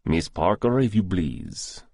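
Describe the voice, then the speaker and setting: A man's voice: low-pitched, big pitch swings, slow, vocal fry, a little mellow, dry recording, clean studio sound, heavily acted. A man voicing a formal, wary middle-aged male doctor with a thick Russian accent. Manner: stiff, formal phrasing.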